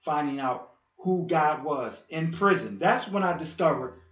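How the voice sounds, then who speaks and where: A man's voice: a little high, animated, a little slow, fairly bright tone. A man giving an earnest spoken testimony as a podcast guest, acting out dialogue as he tells his story. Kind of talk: testimony in casual chat. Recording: echoey room, dull lo-fi sound.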